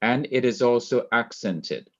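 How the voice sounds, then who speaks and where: A man teaching a Hebrew grammar class, explaining slowly and repeating key points. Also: medium pitch, expressive, lo-fi sound. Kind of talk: online classroom lecture. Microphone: laptop mic.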